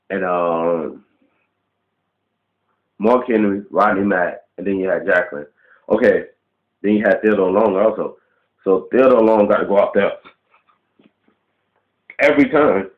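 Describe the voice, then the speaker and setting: A man's voice: sits low, measured pace, long pauses. Ranting man, blunt and profane. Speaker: vlogger. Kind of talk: casual rant to camera. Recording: roomy, dull lo-fi webcam audio.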